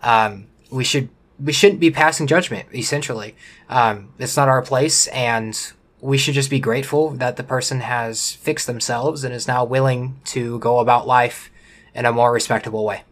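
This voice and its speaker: A man's voice: medium pitch, fairly bright tone. Hesitant man co-hosting a podcast. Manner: hesitant, halting, many ums. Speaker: podcast co-host. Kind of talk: casual podcast chat.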